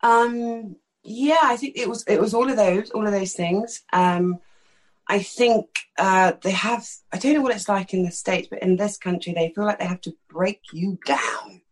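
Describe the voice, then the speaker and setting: Woman, middle-aged, from East London, slight lisp, husky, frank animated interview guest. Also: medium pitch, moderate pace, low-quality recording. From East London, England. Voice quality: slight lisp that sometimes creeps in. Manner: frank, animated storytelling with many fillers. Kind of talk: candid conversational interview.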